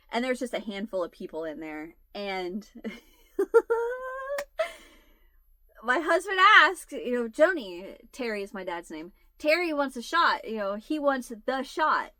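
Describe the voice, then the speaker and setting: A woman's voice: medium pitch, no room sound. Laughing woman telling a story, dry sound. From United States. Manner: laughs through the story, animated. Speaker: channel host. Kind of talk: casual storytelling chat.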